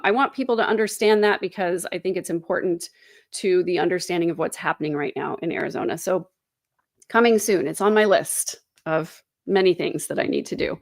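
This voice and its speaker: A woman's voice: fairly low pitch, no room sound, studio quality. A woman hosting a true crime livestream, chatting casually and wryly while reading out viewer comments, with frequent "um" fillers. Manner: chatty, wry, many "um" fillers.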